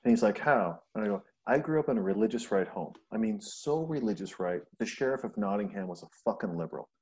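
A man's voice: on the low side, fast talker. A middle-aged man from Montana hosting a podcast, telling stories in casual chat and acting out the quotes. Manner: animated storyteller, acts out quotes. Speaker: podcast host.

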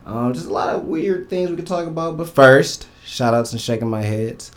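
A man's voice: a little high, expressive, moderate pace. A man hosting a casual podcast with friends, loose and laid-back, often trailing off mid-sentence. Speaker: podcast host.

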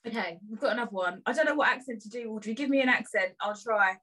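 A woman in casual podcast chat, reading out listener dilemmas in an animated, incredulous way. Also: on the high side, fast talker, poor audio.

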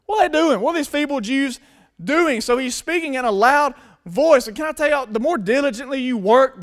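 A male pastor preaching a sermon earnestly, dropping to hushed tones and rising to loud emphasis. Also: very high voice.

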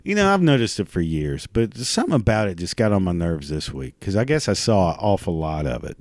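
A middle-aged man rants solo, swearing constantly and rambling with stops and restarts. His voice sits low, and the sound is bone dry and close, with no room around it. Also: very animated, brisk, darkish tone, no echo. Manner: profane, crude, ranting. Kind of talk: casual monologue rant.

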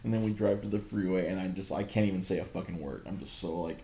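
A man's voice: low voice, fast talker, dark tone, slight background noise. A man in his thirties hosting a podcast, telling an exasperated, profanity-laced story in casual chat. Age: 30s. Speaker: podcast host. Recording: roomy echo.

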